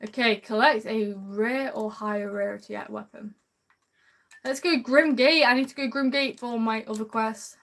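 A woman's voice: fairly high pitch, normal speed, a bit bright. A woman streaming gameplay live, chatting with viewers in an upbeat way and calling them man and bro. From United Kingdom.

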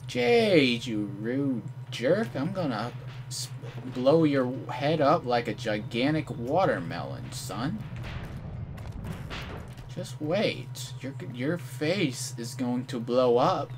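Young male gamer, live commentary, unhurried delivery, mid-pitched, playful trash talk, sudden yells. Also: expressive, a little hiss or hum.

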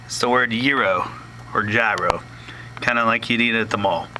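A man teaching a step-by-step tutorial, explaining slowly and plainly with small joking asides. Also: medium pitch, steady tone, noisy background.

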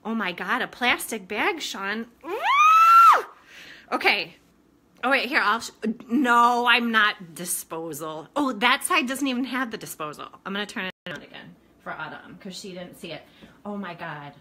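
Frightened and shaky, a woman exclaims in a panic to viewers during a casual live video from her home kitchen. Her medium-pitched voice is bright, forceful and animated at a moderate pace, with slight background noise behind it.

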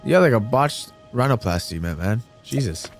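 With game music playing behind him, a man with a medium-pitched, expressive voice gives casual, goofy let's-play commentary at a moderate pace. He pokes fun at himself and talks to the game characters.

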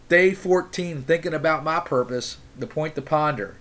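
A man's voice: fairly high pitch, fairly bright tone. Earnest man reading devotions aloud. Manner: earnest, breaks into fired-up tangents and quick apologies; frequent "okay?" check-ins to listeners. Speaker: devotional reader and lay preacher. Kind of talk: informal devotional reading with commentary.

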